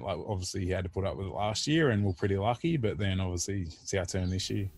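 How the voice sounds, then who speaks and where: A man's voice: low-pitched, steady tone, fairly quick, mellow, no room sound. A man in his thirties with an Australian accent, a former rugby league player chatting laid-back on a podcast, full of fillers and casual swearing. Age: 30s. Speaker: retired rugby league player, interview guest.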